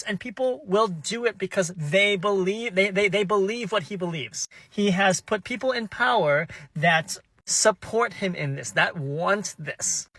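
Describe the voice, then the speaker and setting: A high-voiced man with a bright, sharp tone fires off a profane, exasperated rant. His complaints tumble out one after another. The recording is dry and close. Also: no echo. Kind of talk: angry political rant.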